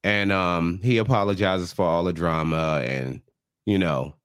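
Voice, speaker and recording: A man co-hosting a comedy podcast, casually recapping a reality show and acting out its people in quick voices. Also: deep voice, fairly even intonation, a bit bright, clear, resonant tone, dry recording, clean studio sound. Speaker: podcast co-host.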